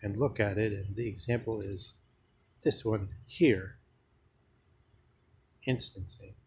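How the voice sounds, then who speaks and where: A man giving a slow, halting philosophical monologue, full of pauses and fillers. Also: lowish voice, steady tone, a little mellow, slightly rough. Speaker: speaker on philosophy.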